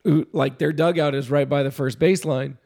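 Gravelly animated man telling a story. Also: a little high, a little fast. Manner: animated, laughs often, loud when reenacting yelling. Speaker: youth baseball coach telling a story. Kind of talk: casual podcast storytelling.

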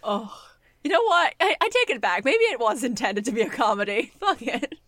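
A woman's voice: on the high side, animated, moderate pace, a bit bright, no room sound. A woman co-hosting a casual podcast, recapping a show with lots of laughter and casual swearing. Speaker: podcast co-host.

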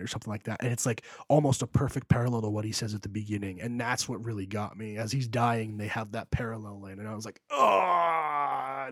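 A young man talks through a film scene by scene on a podcast, circling back with fillers. His voice sits low and husky. The sound is dry and close. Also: a little mellow, no room sound. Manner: rambling, emotional retelling with many fillers. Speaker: podcast co-host. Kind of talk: casual chat.

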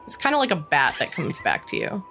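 A woman's voice: low-pitched, huge pitch swings, fairly quick, sharp tone, faint music behind. A woman game master in casual chat about designing a tabletop class, giggling often between ideas.

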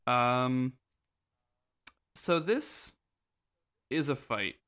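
A man's voice: medium pitch, lively intonation, very slow, sharp tone, smooth. A man co-hosting a casual podcast, laid-back, with crude jokes and lots of ums. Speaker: podcast co-host. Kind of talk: casual game-recap chat.

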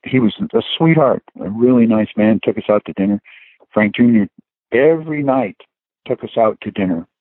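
Chatty male guest reminiscing, low-pitched, heard over a tinny phone line. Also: lively intonation, moderate pace, no room sound. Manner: rambling anecdotes with chuckles and "you know" fillers. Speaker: guest musician. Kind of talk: casual storytelling interview.

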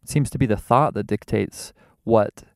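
A man hosting a podcast from inside his car, rambling and wordy in a casual monologue, mocking himself and now and then leaping into a theatrical high voice. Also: a little slow, gravelly, darkish tone, no room sound. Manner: rambling, wordy and self-mocking, with sudden theatrical jumps in pitch. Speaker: podcast host. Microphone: podcast microphone.

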